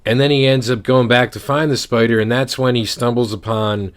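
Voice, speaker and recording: A man's voice: medium pitch, fairly even intonation, a little fast. Rambling male podcast co-host. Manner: rambling storyteller, many restarts. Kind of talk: casual chat.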